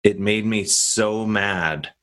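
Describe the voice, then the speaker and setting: A man's voice: fairly low pitch, slow, a bit bright. A man hosting a podcast, telling rambling stories in casual chat and acting out the quotes. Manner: rambling storytelling with acted-out quotes. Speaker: podcast host.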